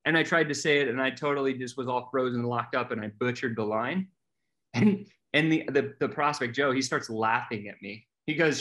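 Man, middle-aged, casual talk guest, animated delivery with many fillers. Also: medium pitch, moderate pace. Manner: animated, acts out quoted voices, many fillers. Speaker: podcast guest telling his story. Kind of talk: casual storytelling chat.

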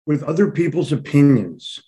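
A man's voice: a little high, expressive, normal speed, mellow. A man co-hosting an interview, offering brief reflective remarks and teasing the guest. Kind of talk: conversational interview.

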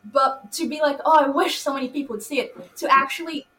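A woman actress chatting in an interview, excitable and laughing as she retells stories and acts out quotes. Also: high voice, brisk, rough recording. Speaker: actress in the film. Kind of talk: casual interview chat.

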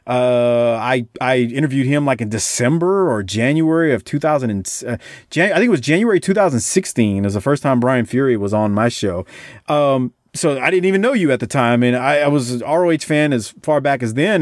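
A man's voice: on the high side, no echo. Man, podcast host, casual chat, rambling, restarts a lot, dry close sound. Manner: rambling, animated, many restarts.

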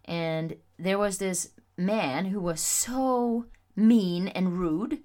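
A woman hosting a podcast, telling a personal story in a candid, expressive way with frequent pauses and fillers. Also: medium pitch. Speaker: podcast host.

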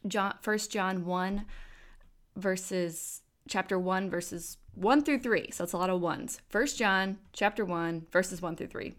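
A woman's voice: mid-range voice, slow. A woman in her thirties hosting a faith podcast, talking candidly and casually into a microphone with plenty of fillers. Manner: warm, candid storytelling with fillers. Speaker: podcast host. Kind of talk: faith-based podcast talk.

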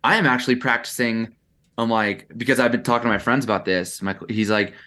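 Young guy on a podcast, casual chat, lots of likes and restarts, mid-pitched voice. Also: fairly even intonation, brisk, sharp tone. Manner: reflective, talks in bursts with lots of "like" and restarts. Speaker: podcast guest, content creator.

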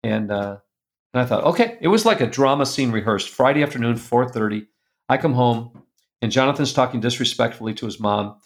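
A middle-aged man telling a personal story as a guest, earnest and confessional, going soft and quiet at the painful parts. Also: mid-range voice, a little fast. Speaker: guest speaker.

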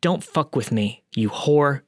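A man's voice: medium pitch, lively intonation, slow pace, no echo, clean studio sound. A man voicing a hostile, foul-mouthed neighbor woman who curses aggressively in a told story. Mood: furious. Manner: cursing, aggressive.

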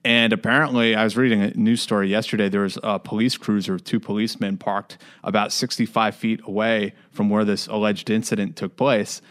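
A man's voice: on the low side, flat delivery, a little fast, hardly any pauses, fairly bright tone. A man from the United States talking through a story in casual podcast chat, with frequent fillers and restarts. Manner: conversational, many fillers and restarts.

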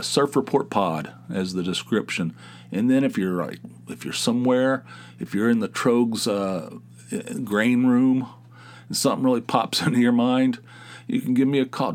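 A man in his fifties hosting his own podcast, talking alone in a rambling, jokey way and often correcting himself. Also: mid-range voice. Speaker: podcast host. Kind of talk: casual solo podcast monologue.

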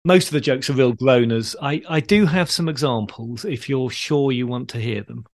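A man's voice: medium pitch, moderate pace. Man, dry explaining host. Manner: dry storyteller delivering groan-worthy jokes. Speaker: podcast host. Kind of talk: conversational explaining.

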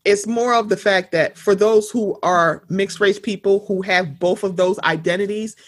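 A woman co-hosting a casual chat show, talking bluntly with plenty of swearing and animated storytelling. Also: mid-range voice, moderate pace. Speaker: podcast co-host.

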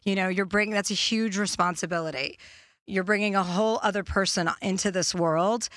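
A woman's voice: medium pitch, fairly even intonation, a little fast, fairly bright tone, no room sound, clean studio sound. A woman hosting a call-in advice show, blunt and joking, with some swearing. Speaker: podcast host. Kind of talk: casual advice chat.

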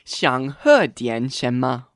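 A man's voice: medium pitch, very animated, takes it slowly, fairly bright tone, no room sound. Male learner co-host: playful curiosity, bouncy intonation, takes his time; dry booth. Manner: repeats phrases after the teacher, playfully curious. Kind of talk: scripted radio lesson.

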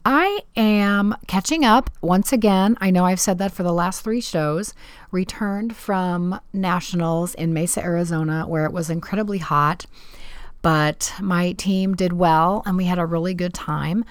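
A woman's voice: lowish voice, a little slow, clean tone, dry recording. A woman hosting her own podcast, talking in a chatty, candid and self-deprecating way. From Southern California. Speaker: podcast host. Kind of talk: casual solo podcast talk.

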